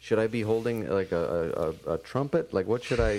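A man co-hosting a podcast in casual chat, wry and low-key with dry humor. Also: lively intonation, brisk, a crowd in the background. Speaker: podcast co-host. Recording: loud hiss with clicks.

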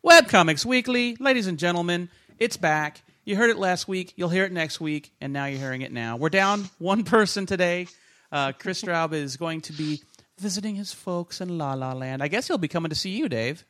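A man hosting a podcast in casual chat, jokey and teasing, with quick banter. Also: fairly high pitch, fairly bright tone, dry recording. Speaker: podcast host.

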